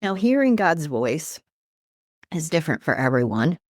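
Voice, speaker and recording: A woman guest who is a life coach and minister, talking earnestly about faith and quoting scripture in an animated, preacherly way. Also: low-pitched, normal speed, no echo, clean studio sound. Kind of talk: earnest faith-based teaching in conversation.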